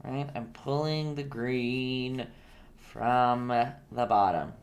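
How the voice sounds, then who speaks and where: A woman's voice: a bass voice, steady tone, drawn-out words, darkish tone. Chatty woman teaching a painting live stream. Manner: chatty and playful, laughs often and reacts to viewers.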